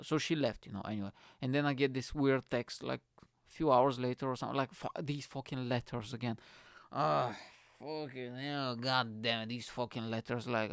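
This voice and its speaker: A young man rants through a story on his own show, swearing freely and laughing at himself. His voice is gravelly yet smooth, and the recording is dry and close. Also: medium pitch, steady tone, fairly quick, no room sound. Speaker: podcast host. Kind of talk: casual storytelling rant.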